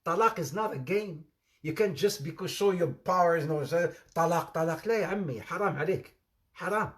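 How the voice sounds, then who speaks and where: Animated male preacher, high voice. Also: fast talker. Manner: animated storytelling, mixes English with Arabic phrases; laughs at his own stories, acts out quoted voices. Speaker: Islamic preacher. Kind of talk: informal sermon with humorous anecdotes.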